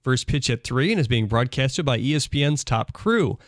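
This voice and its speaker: A man reading a scripted sports news update in a brisk, even manner. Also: medium pitch, no echo, studio quality. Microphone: studio microphone.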